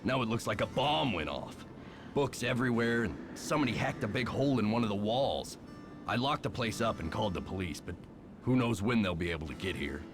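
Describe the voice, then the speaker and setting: The voice is a gruff castle caretaker in a point-and-click mystery game, low-pitched and lively in his ups and downs. He sounds overworked and put-upon. Game music is clearly heard under his lines. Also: fairly quick. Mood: grumbling. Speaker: game character.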